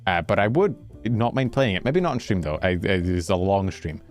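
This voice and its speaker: A man's voice: sits low, moderate pace, soft background music. Rambling man streamer chatting to viewers. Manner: rambling, self-interrupting, animated. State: slightly out of breath. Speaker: VTuber streamer. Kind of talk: casual chat with stream viewers. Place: warm bedroom.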